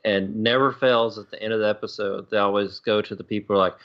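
A man's voice: fairly low pitch, fairly even intonation, quick pace, hardly any pauses, fairly bright tone, highs cut off. A man co-hosting a casual podcast chat, joking and laughing often. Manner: jokey, laughs often, does mock voices. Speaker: podcast co-host. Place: home in Dallas area.

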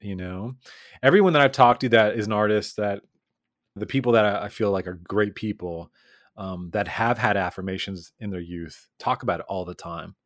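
A man chats as a podcast guest in a low voice. He is animated and emphatic and restarts phrases in quick bursts. The sound is dry and close. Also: no room sound. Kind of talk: casual chat.

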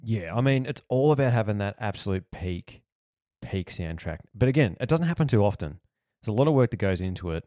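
Low-voiced Australian man chatting. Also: lively intonation, a little fast, mellow, no room sound, studio quality. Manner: rambling, lots of likes and you-knows. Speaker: podcast host. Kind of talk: casual chat.

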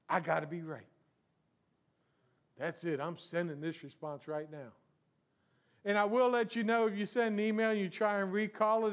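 A man with a high voice preaching to his congregation in a church. He talks in an easygoing, conversational way and often asks rhetorical questions before answering them himself. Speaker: pastor. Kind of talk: sermon.

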